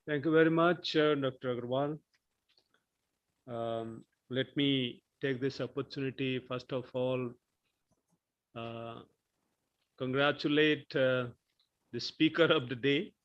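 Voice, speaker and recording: Slow, halting man chairing. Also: mid-range voice, steady tone. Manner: halting, full of filler sounds. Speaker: session chair. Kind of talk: formal closing remarks. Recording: muffled lo-fi sound.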